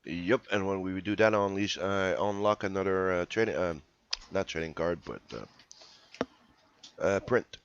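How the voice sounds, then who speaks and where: Groggy man with a rough morning voice. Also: sits low, unhurried, highs cut off, a little hiss or hum. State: rough morning voice, just woken up. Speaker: comic artist guest. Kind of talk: casual livestream chat.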